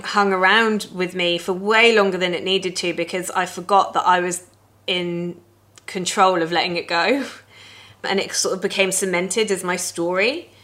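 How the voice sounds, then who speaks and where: A woman's voice: on the low side, bright, forceful tone. A woman speaking in a candid, reflective personal monologue, chatty and openly swearing now and then. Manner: candid, conversational, swears casually.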